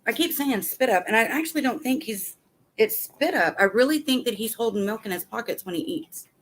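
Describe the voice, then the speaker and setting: A woman's voice: a little high, lively intonation, a little fast. Chatty woman live-streaming from home. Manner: chatty, rambling, reads comments aloud. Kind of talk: casual live-stream chat. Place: at home with a baby.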